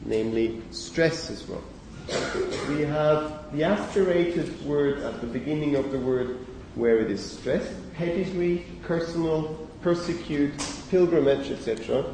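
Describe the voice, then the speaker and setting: In this far-off, echoey lecture hall recording with slight background noise, a male university lecturer speaks in an unhurried, mid-range voice with a darkish tone. He reasons aloud, leans on okays and filler words, and corrects himself as he goes.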